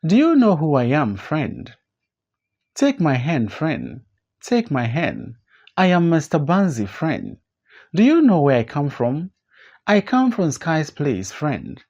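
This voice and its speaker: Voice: mid-range voice, wildly swooping pitch, unhurried, dark tone, highs cut off, exaggerated voice. A reader doing Mister Banzi, a cheerful drunk man. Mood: amiably drunk. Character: amiably drunk man, proud of his new name. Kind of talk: audiobook play reading.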